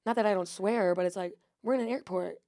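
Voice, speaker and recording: A young woman comedian telling an animated, profane story in casual podcast chat. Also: mid-range voice, fast. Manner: animated, profane, acts out quotes. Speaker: guest comedian.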